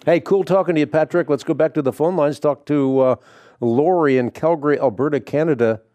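A man hosting a call-in radio show, talking in a measured, emphatic, preacherly way. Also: a little high, dark tone, no room sound.

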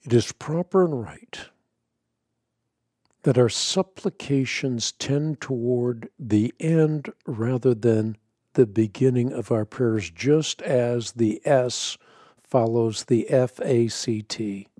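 A man giving a scripted teaching on prayer, measured and earnest, leaning hard on key words. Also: medium pitch, dark tone, no echo, studio quality. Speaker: Christian teacher.

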